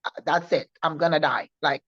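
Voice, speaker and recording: A woman co-hosting a faith show, recounting her personal testimony in an earnest, halting way with many restarts. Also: low voice, fairly even intonation, fairly bright tone, dry recording. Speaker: co-host sharing her testimony. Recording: dull, muffled sound.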